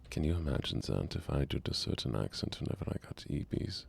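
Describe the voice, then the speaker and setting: Soft-spoken man, very deep, gravelly. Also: expressive, a little fast, hardly any pauses. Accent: put-on German. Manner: gentle, reassuring, half-whispered chat with viewers. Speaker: streamer. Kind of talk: soft-spoken gaming stream.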